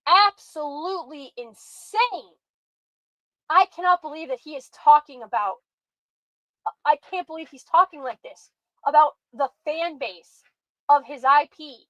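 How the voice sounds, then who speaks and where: A woman's voice: high voice, measured pace, a bit bright, dry recording, lo-fi sound. A woman hosting a commentary show, reacting with sarcastic, exasperated rants. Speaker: commentary host.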